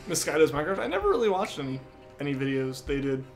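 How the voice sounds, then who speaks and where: Young guy streamer, kinda high voice, reads chat and answers, soft game music behind. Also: very animated, fast talker. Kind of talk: casual live-stream chat.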